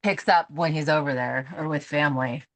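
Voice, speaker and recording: A woman's voice: sits low, normal speed. A woman chatting casually in a group, easygoing and agreeable. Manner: easygoing, brief agreeing replies. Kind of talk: casual chat.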